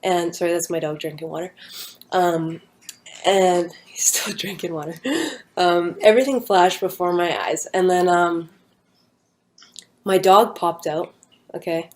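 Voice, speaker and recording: A woman's voice: lowish voice, steady tone, measured pace, pauses often, a little mellow. A young woman talking at home, telling a personal story in a rambling casual way with many fillers and restarts. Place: at home with her dog nearby.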